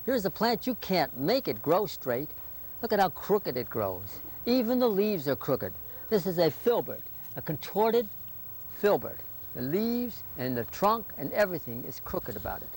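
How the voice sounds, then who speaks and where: A man's voice: on the high side, sing-song, a little slow, vocal fry, a little mellow. A man hosting a folksy how-to gardening show outdoors, talking straight to viewers in a chatty, homespun way. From Northern Virginia. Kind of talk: folksy how-to presentation to camera. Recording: faint background noise, 1980s local TV.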